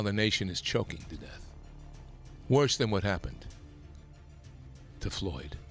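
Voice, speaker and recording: Impassioned male talk radio host. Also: on the low side. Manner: impassioned, emphatic, rising to near-shouting. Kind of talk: political commentary monologue. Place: radio studio.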